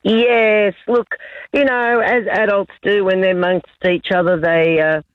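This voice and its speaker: A woman calling in to a radio show, telling a rambling story with many pauses. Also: medium pitch, flat delivery, no room sound. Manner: rambling, hesitant. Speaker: caller. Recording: dull phone line.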